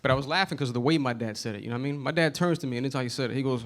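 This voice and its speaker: A man's voice: medium pitch, very fast, hardly any pauses. A man from the Bronx performing a conversational stand-up set in a comedy club. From the Bronx, New York. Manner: conversational, keeps asking "you know what I mean". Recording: noisy club, audience laughter.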